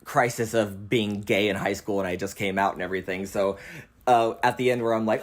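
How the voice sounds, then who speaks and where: Hosting a relaxed conversation about films, a young man whose voice sits on the low side laughs easily and stays animated. He curses freely and performs lines while talking.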